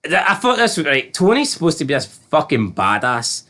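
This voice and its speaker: A man's voice: on the high side, moderate pace. A man co-hosting a casual TV review chat, rambling and incredulous as he retells scenes. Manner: chatty, rambling, incredulous, animated retelling with quoted voices. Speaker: podcast co-host reviewing a TV episode.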